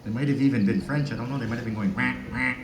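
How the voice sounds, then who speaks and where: A man tells funny stories to a crowd and plays flute outdoors in a park, chatty and chuckling. He sounds set back from a touchy microphone, with a roomy echo around him and a steady wash of background noise. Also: medium pitch, very fast. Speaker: flute player and storyteller. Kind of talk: casual storytelling to an audience. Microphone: touchy microphone he stands back from. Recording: echoey, distant, noisy outdoor sound.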